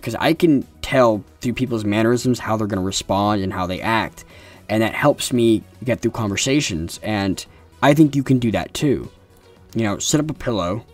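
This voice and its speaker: A young man hosting an advice video, talking in a casual, earnest, consoling way with frequent restarts, recorded in a room at home. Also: lowish voice.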